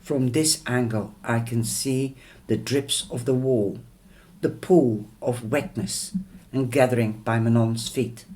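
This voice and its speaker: Guy reading a book out loud really slow, stumbles n restarts sometimes. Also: mid-range voice, steady tone. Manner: unhurried reading with small slips and restarts. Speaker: audiobook reader. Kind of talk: reading a novel aloud.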